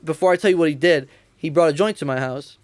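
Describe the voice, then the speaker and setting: A man's voice: a little high, fast talker, no room sound. A young man co-hosting a podcast, telling a rambling, profane story and laughing as he goes. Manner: profane, laughs a lot while telling stories. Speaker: podcast co-host. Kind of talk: casual storytelling.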